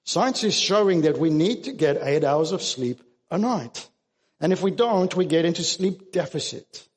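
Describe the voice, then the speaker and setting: A man's voice: a little high, expressive, moderate pace, in a large hall. A man preaching a sermon as pastor, earnest and emphatic, often restarting his words.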